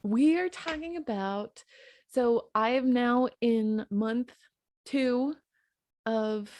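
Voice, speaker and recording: A woman's voice: fairly high pitch, very slow, a little mellow. A woman co-hosting a casual podcast, getting over a cold, cracking playful dry jokes. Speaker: podcast co-host. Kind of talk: casual chat.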